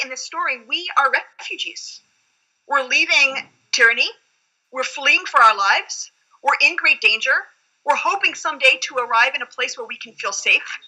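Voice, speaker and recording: A woman's voice: sits high, bright, forceful tone, poor audio. A woman rabbi explaining scripture in an earnest, reflective teaching tone during a study conversation.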